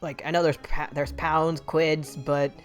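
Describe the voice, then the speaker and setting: A woman's voice: deep voice, flat delivery, measured pace, soft background music. A woman casually commenting while playing a game on stream, chatty and self-deprecating.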